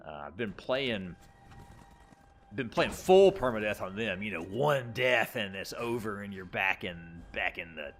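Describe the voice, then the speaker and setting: Chatty low-voiced man narrating gameplay. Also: animated, measured pace, a bit bright. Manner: chatty, rambling, chuckles often. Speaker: gameplay commentator. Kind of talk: casual let's-play commentary.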